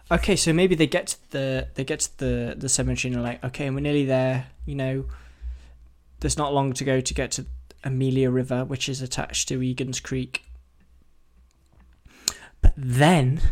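A man hosting a solo podcast, rambling and self-deprecating as he thinks aloud with many restarts. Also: on the high side. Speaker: podcast host. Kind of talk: solo casual podcast brainstorming.

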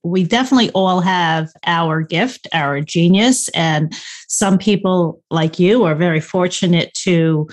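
A woman interviewer with a lowish voice talks slowly. She affirms her guest and muses aloud, often restarting her sentences. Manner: affirming, musing, with repeated restarts. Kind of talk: interview conversation.

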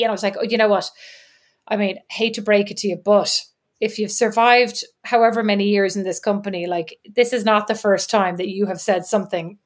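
A woman's voice: medium pitch, steady tone, brisk. A woman, co-hosting a podcast and telling stories in casual chat with plenty of asides and fillers. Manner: chatty storyteller with lots of fillers and asides. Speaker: podcast co-host. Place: lives in Indiana.

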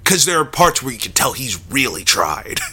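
Bright-voiced man in a lively chat. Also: medium pitch, normal speed, breathy edge. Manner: animated, jokey, acts out quotes. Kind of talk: casual movie review chat.

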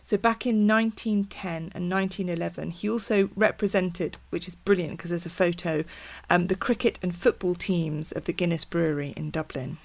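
Podcast host woman with a lowish voice. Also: steady tone, moderate pace, vocal fry, hardly any pauses. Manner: friendly, leading the conversation with asides. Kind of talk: casual interview.

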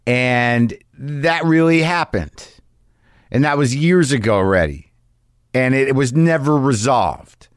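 A man's voice: mid-range voice, lively intonation, slow, clean tone, no room sound, studio quality. A middle-aged man delivering a rambling, profane, self-deprecating monologue as a podcast host. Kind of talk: casual monologue.

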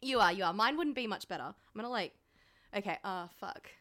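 A woman's voice: mid-range voice, expressive, brisk, bright, forceful tone. A woman co-hosting a podcast in casual chat, laughing often and swearing freely. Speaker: podcast co-host.

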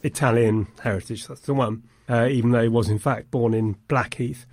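A man's voice: medium pitch, fairly even intonation, normal speed, darkish tone, no echo. Thoughtful man discussing a film. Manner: thoughtful, analytical, with wry asides. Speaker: film podcast co-host.

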